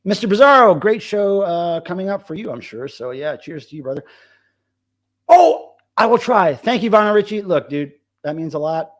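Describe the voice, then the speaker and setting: A middle-aged man hosts a casual live stream, his pitch jumping all over and sitting a touch above the usual male register. He reads the chat aloud in a loose, rambling, profane way. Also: animated, moderate pace. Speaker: livestream host.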